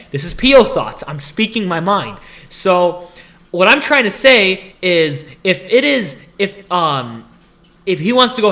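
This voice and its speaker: Animated ranting young man. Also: high-pitched. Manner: animated complaining, acts out dialogue. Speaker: student vlogger. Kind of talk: comedic rant to camera.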